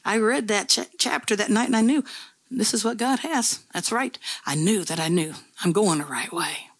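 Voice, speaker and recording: Husky-voiced woman preaching conversationally. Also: mid-range voice, moderate pace, dry recording. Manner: conversational, folksy storytelling with repeated phrases. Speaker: pastor. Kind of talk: sermon.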